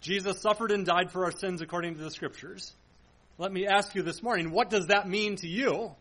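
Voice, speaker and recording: Male pastor, high-pitched, earnest sermon delivery with searching rhetorical questions, church setting. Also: a little fast, fairly bright tone, rough recording. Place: church sanctuary.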